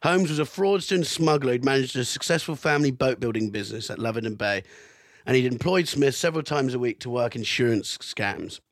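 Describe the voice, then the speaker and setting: A man's voice: mid-range voice, animated, a little fast, dry recording, studio quality. A man co-hosting a casual podcast, reading out an odd history story with amused, swearing asides. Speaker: podcast co-host.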